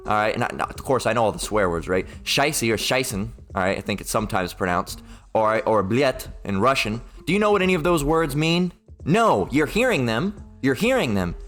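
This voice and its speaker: A man delivering an informal, unscripted sermon-style rant at a middle pitch. He talks bluntly and swears freely, circling back on his points and checking in with listeners. He sometimes jumps up into squeaky mocking voices. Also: fairly bright tone. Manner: blunt and profane, rambling, peppered with "all right?" and "okay?"; mocks opponents in raised put-on voices. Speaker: street-style preacher.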